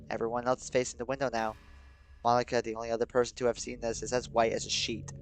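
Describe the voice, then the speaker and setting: A young man streaming and reading a game story aloud, shifting between steady narration and sudden excited, swearing outbursts. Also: mid-range voice, slight background noise, rough recording. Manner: reads narration in a steady, subdued voice.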